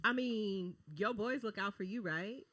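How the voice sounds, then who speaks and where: A woman's voice: mid-range voice, a little slow, sharp tone, no room sound. A woman guest joining a casual talk show with blunt, teasing banter. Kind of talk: casual chat.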